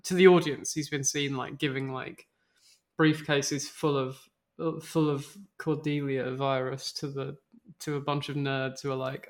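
A man's voice: mid-range voice, level tone, a little slow. A man co-hosting a podcast who recaps a TV show with enthusiasm, chatting casually and swearing now and then. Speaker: podcast co-host.

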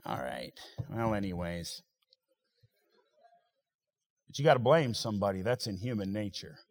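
A man's voice: on the low side, lively intonation, a little slow. Preaching man in a reverberant hall. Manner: swings from loud rising preaching to quiet asides. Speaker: pastor. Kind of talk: sermon.

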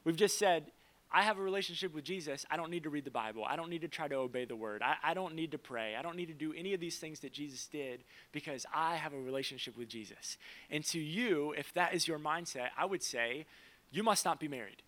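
A young man preaching a sermon as pastor, in a casual, conversational way with quick asides and stories told for laughs. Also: fairly high pitch, a bit bright.

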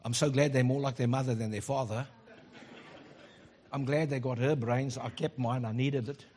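A middle-aged man preaching a sermon as pastor, animated and joking in asides. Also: medium pitch, moderate pace, slight background noise.

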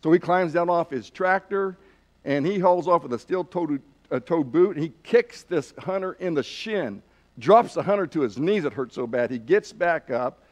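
A man's voice: on the high side, expressive, normal speed, a little mellow. A man preaching a sermon in a loose, folksy way, with many fillers and restarts. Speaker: pastor. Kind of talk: sermon with a told joke.

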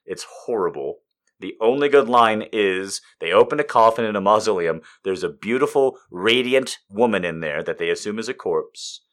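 A man in his thirties giving a casual comedic monologue, swearing freely and swinging between loud outbursts and muttered asides. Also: on the low side, animated, moderate pace.

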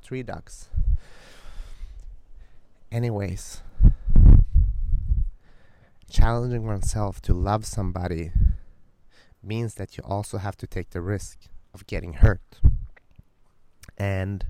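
A man's voice: sits low, fairly even intonation, slow pace, pauses often, dark tone, dry recording. A man hosting his podcast, speaking earnestly and from the heart outdoors beside a lake, now and then breaking off to remark on what he sees. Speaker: podcast host. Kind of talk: casual spoken monologue.

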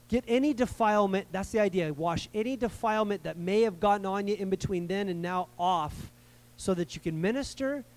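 A man's voice: sits high, darkish tone. A man preaching a sermon to a live congregation in a conversational way, repeating words for emphasis and checking in with his listeners. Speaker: pastor. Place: church service before a live congregation.

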